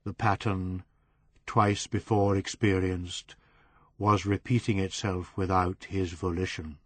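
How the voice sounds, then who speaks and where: A man narrating a novel as an audiobook reader, in a measured way that slows on descriptive phrases. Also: sits low, flat delivery, dry recording.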